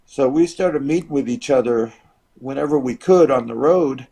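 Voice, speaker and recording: A man in his seventies from the United States, a retired wrestler telling an animated anecdote as an interview guest. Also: mid-range voice, normal speed, gravelly. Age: 70s. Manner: animated, acts out quoted voices and crowd noise. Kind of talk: storytelling anecdote.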